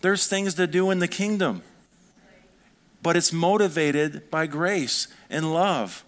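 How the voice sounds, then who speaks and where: Man preaching a lively sermon. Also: fairly high pitch, slow pace. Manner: animated preaching, swinging between soft and fired-up. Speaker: pastor.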